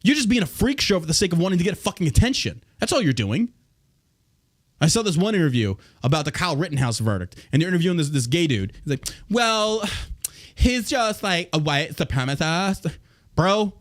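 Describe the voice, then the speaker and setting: A man's voice: fairly high pitch, sing-song, fast. A man hosting a podcast, ranting in a profane, combative way. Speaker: podcast host. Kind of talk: casual podcast rant.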